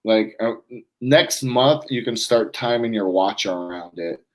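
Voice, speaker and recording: A man from Florida co-hosting a casual wrestling talk show, chatting in a relaxed, rambling way. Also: fairly low pitch, measured pace, rough recording. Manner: laid-back, rambling, mimics voices in a hushed tone. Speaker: podcast co-host. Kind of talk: casual chat.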